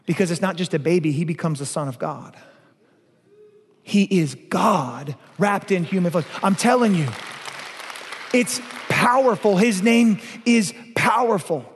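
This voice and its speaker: A male pastor preaching a sermon, emphatic, asking rhetorical questions and swinging between loud declarations and hushed lines. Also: high-pitched, a little slow, slightly rough, a faint crowd. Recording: long reverb of a large hall.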